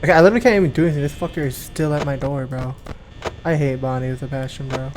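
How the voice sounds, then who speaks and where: A man's voice: medium pitch, rapid-fire, a little mellow, soft background music, poor audio. A young man giving casual, rambling gameplay commentary, with many fillers and much swearing. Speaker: gaming video creator.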